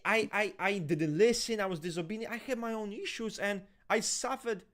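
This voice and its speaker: A man's voice: sits high, normal speed. Profane ranting man. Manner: swears a lot, animated, ranting. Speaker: podcast co-host. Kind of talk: heated casual discussion.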